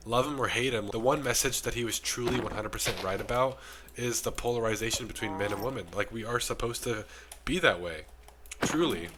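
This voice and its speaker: A young man with a rough, strained voice from the flu, giving an impassioned self-improvement monologue to camera. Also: on the low side, moderate pace, sharp tone, a little hiss or hum. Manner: preachy, impassioned. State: sick, losing his voice.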